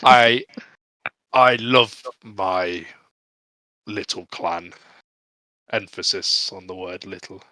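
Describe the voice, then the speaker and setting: Man, low voice, bright and dry, halting in-character orc role-play. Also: dry recording, rough recording. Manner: halting, earnest delivery with frequent laughter. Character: earnest male orc, proud and restless. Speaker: player.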